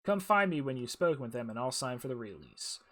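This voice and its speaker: A man's voice: medium pitch, animated, quick pace, fairly bright tone, close to an everyday voice. A man voicing a stern, by-the-book male jungle ranger officer, reading game dialogue aloud in a formal briefing tone.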